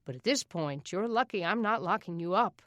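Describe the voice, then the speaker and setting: A woman voicing a firm middle-aged male sheriff who speaks with calm, level authority. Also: fairly low pitch, normal speed, no echo, clean studio sound, close to an everyday voice.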